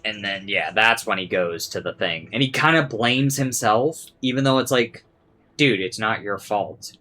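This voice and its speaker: A man's voice: fairly low pitch, normal speed. A young man giving casual, rambling commentary over gameplay, saying "like" a lot and swearing freely. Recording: steady background noise.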